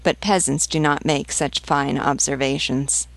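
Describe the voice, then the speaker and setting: A woman reading a novel aloud in a measured, expressive way. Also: extremely low pitch, gravelly, dry recording. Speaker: audiobook reader and guide. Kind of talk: literary audiobook reading.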